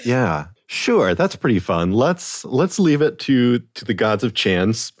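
A man's voice: mid-range voice, very animated, takes it slowly, no echo, studio quality. Easygoing man running a tabletop game. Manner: easygoing, hesitant, often laughing. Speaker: game master.

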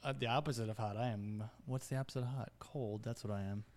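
A man in casual podcast banter with his wife, joking and teasing with a mid-pitched voice. He laughs easily and keeps the talk loose. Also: fairly even intonation, fast talker, darkish tone. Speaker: podcast co-host. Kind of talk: casual chat.

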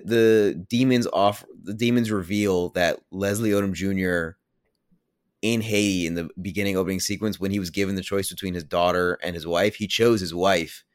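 A man's low, steady, smooth voice moves briskly through a casual podcast recap of a film, giving away the plot with heavy use of "like" and offhand bluntness. The clean studio recording has no echo.

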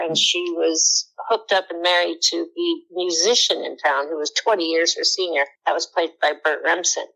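Lively woman in her 60s telling stories. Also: on the low side, low-quality recording. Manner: lively storyteller who acts out quoted lines. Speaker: actress as interview guest. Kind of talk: telling stories in a podcast interview.

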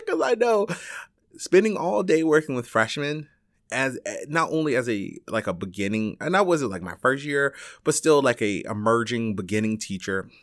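A man's voice: moderate pace, no echo, clean studio sound. Chatty man telling a rambling story. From Chicago. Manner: rambling and animated, with frequent fillers, restarts and swearing; acts out other people's lines with big jumps in pitch. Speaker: teacher telling his story. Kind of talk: casual storytelling.

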